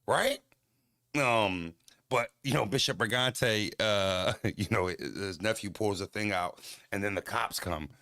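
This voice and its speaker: In a relaxed chat, a Pennsylvania man from the US recounts a story, cursing frequently and laughing while he does other people's voices. He speaks a little slowly, with a fairly low pitch and a bright, forceful tone; the studio sound is clean with no room.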